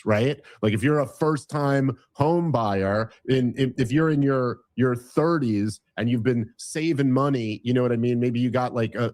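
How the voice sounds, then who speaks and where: A man's voice: mid-range voice, a little mellow, dry recording. Guy ranting about politics, cussing, lots of restarts, dry close mic. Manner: ranting, profane, rambling with many restarts. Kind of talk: casual political chat.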